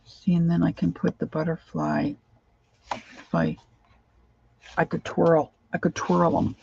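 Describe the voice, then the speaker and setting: A woman's voice: on the low side, little pitch movement, measured pace, creaky, darkish tone, highs cut off, slight background noise. A middle-aged woman chatting casually to herself and her viewers while she crafts at home, rambling from one thought to the next. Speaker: craft vlogger.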